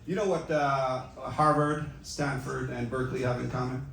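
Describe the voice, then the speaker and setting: A middle-aged man doing a stand-up comedy set, delivering deadpan self-mocking one-liners. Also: medium pitch, normal speed, gravelly. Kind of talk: open-mic stand-up set. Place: comedy club stage with audience. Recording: echoey club from far off, loud noise. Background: audience laughter.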